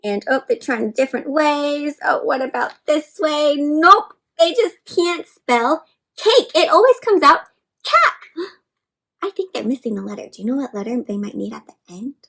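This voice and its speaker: Woman, high voice, animated read-aloud for kids, sounds out letters, quizzes listeners. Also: vocal fry, rough recording. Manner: animated, asks questions, sounds out letters slowly. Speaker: children's story reader.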